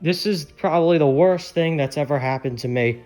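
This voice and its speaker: A man's voice: on the high side, moderate pace, darkish tone, faint music behind. A young man talking casually and candidly to his viewers, rambling a little and swearing freely. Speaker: YouTuber. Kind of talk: casual chat.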